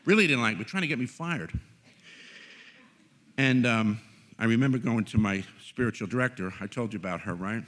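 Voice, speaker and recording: A man giving an inspirational faith talk at a conference, earnest and animated, telling stories with jokes. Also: mid-range voice, moderate pace, long pauses. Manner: animated, joking, earnest storyteller. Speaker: conference speaker. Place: conference hall stage.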